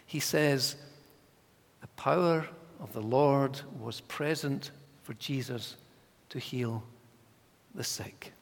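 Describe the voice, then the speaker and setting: A man preaching a sermon in a church, measured and emphatic, sometimes dropping his voice to a hush. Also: medium pitch, big-room sound.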